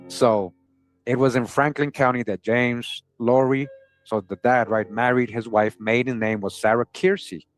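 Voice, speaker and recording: A man's voice: medium pitch, fairly even intonation, a little slow, soft background music. A man hosting a history channel, casually talking through old sources and often asking his viewers "right?". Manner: conversational, keeps asking "right?", chuckles often.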